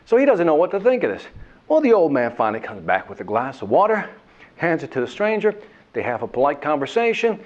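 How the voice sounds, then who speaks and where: A man's voice: fairly high pitch, brisk. A man giving a motivational sales talk, telling a story and acting out whining voices along the way. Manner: animated, acts out whining voices and characters. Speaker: sales trainer. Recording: dull lo-fi sound.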